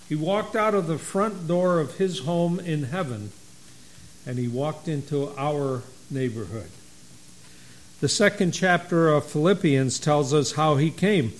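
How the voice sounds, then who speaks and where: Male pastor, middle-aged, slightly high voice, slow folksy sermon delivery. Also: a little hiss or hum, poor audio.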